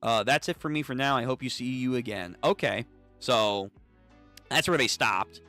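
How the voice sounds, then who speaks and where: A young man hosting a live comic read-through, reading all the parts in an animated, casual voice that swears freely. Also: mid-range voice, normal speed, faint music behind. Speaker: streamer reading manga.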